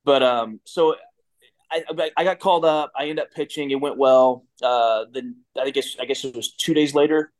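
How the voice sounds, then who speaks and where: A man's voice: mid-range voice, normal speed. A man in his thirties, a guest telling a story in a casual, rambling way with many restarts and fillers. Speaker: guest, former pitcher.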